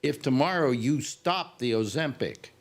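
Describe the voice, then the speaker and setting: A man hosting a casual interview, asking probing questions with halting restarts and repeating himself. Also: medium pitch, expressive. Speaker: host.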